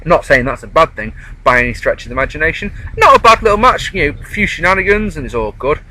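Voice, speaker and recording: A man's voice: a little high, big pitch swings, fast, sharp tone, poor audio. A man chatting casually outdoors in a park, rambling through a wrestling show review. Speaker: wrestling vlogger.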